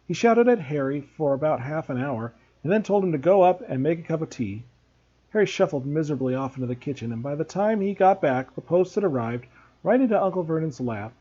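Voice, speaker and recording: Husky-voiced man reading a story. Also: on the high side, dark tone, muffled recording. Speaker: teacher. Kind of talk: reading a novel aloud.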